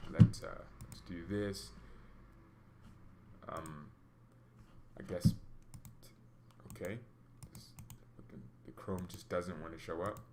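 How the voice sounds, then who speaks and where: A man hosting a football livestream, chatting casually and rambling with excited exclamations, coughing now and then. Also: low voice, noisy background. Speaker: football channel host.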